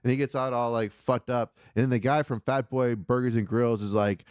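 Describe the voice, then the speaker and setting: A man's voice: medium pitch, steady tone, fairly quick, few pauses, a little mellow, smooth, no room sound, clean studio sound. A man telling a rambling, profane story in casual chat on a comedy call-in podcast.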